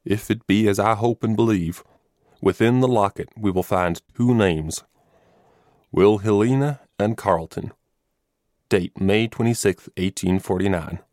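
A man voicing a stern, grieving middle-aged army colonel in a storybook reading, grave and measured. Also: fairly low pitch, a little mellow, dry recording, clean studio sound, lightly acted. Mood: stammering, moved.

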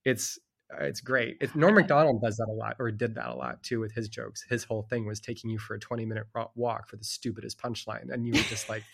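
A man's voice: medium pitch, creaky. Rambling, chuckling guest author, a man. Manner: rambling, chuckling, heavy on "like" fillers. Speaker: children's book author and illustrator, guest. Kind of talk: casual conversation about books.

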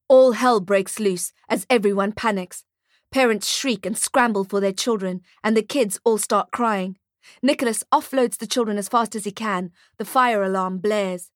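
A woman narrating an audiobook short story in a steady storytelling manner, close to the mic. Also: mid-range voice, normal speed, no echo. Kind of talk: scripted narration.

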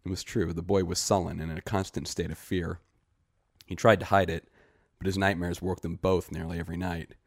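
A man reading a short story aloud in steady, measured narration. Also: low-pitched, no room sound, studio quality. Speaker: story reader. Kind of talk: scripted narration.

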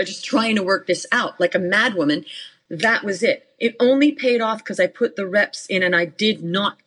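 Husky, emphatic woman coach. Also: medium pitch, a bit bright, low-quality recording. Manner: emphatic, matter-of-fact, repeats short commands. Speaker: business coach, podcast guest. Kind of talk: motivational interview talk.

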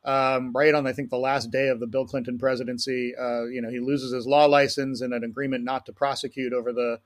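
A man's voice: medium pitch, flat delivery, fairly quick. A man hosting a podcast interview, asking questions in a hesitant, filler-heavy way. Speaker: podcast host.

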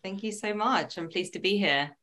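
A woman's voice: mid-range voice, normal speed. A woman from Israel, a chatty, laughing interview guest talking about her work in brand strategy. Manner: lively, laughing, chatty with fillers. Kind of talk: casual interview chat.

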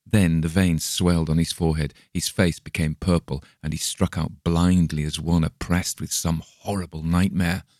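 Male narrator, very low voice with gravelly fry, dry close recording, measured storytelling. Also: flat delivery, darkish tone, no echo. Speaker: audiobook narrator. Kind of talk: scripted narration of a classic story.

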